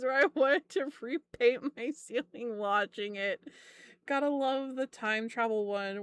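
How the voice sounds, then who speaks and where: A young woman streamer chats in a slightly high voice at an unhurried pace, laughing often and swearing freely as she rambles through her stories. She is recorded close and completely dry, with no room sound. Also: a bit bright, clear, resonant tone, dry recording. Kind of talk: casual chat stream.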